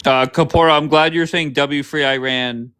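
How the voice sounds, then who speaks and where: A man's voice: a little high, fairly even intonation, a bit bright, clear, resonant tone. Male livestream host, blunt and combative, peppers guests with profane questions. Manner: blunt, swearing, grilling guests with rapid questions. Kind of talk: confrontational livestream chat.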